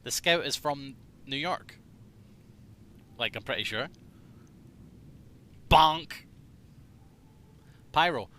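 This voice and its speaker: A young man streaming a game, chatting casually with his audience in a joking, animated way and swearing freely. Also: medium pitch, measured pace, long pauses. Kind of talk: casual live-stream chat reading.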